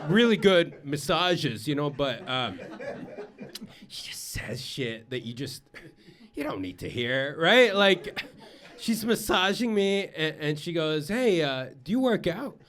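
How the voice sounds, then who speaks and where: A man's voice: on the high side, a bit bright. A man doing a stand-up comedy set on stage, rambling and self-deprecating, with lots of filler words. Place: comedy stage before a live audience. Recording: live stage mic with audience laughter.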